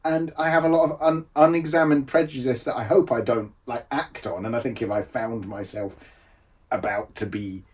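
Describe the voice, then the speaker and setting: Recorded from a distance in a home room visible on camera, this games designer from England talks casually on a podcast at a normal speed. His voice is medium-pitched and steady, and he frequently laughs and starts sentences over.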